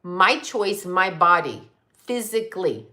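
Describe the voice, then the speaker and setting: A woman hosting a livestream, telling stories casually, animated, laughing often and swearing freely. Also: on the low side, slow pace. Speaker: livestream host.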